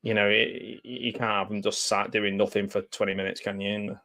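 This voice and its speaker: A man giving live watch-along reaction commentary on a TV episode, chatty and jokey, with excited outbursts and laughs. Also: lowish voice, a little fast. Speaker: commentary host.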